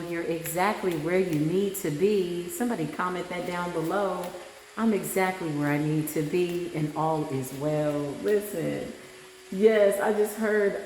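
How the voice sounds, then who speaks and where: Soothing low-voiced woman guiding meditation. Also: a little hiss or hum. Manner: soothing, affirming, often adds "right?". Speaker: spiritual practitioner. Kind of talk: guided meditation and affirmations. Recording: echoey room with long reverb.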